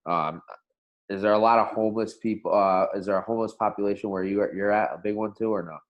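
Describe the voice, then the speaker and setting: Man, from the East Coast, podcast host, very low voice, laid-back, dull lo-fi audio. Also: steady tone, fast. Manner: laid-back interviewer, asks short questions and laughs along. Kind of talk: casual podcast chat.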